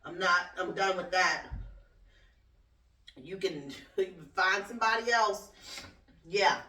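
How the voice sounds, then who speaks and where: A woman's voice: lowish voice, slow pace, sharp tone. A woman hosting her own talk show, ranting bluntly and sassily with plenty of swearing and laughter. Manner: blunt, profane, sassy, laughs often. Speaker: podcast host and cleaning business owner. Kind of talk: casual solo talk-show rant. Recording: roomy echo, distant from the mic.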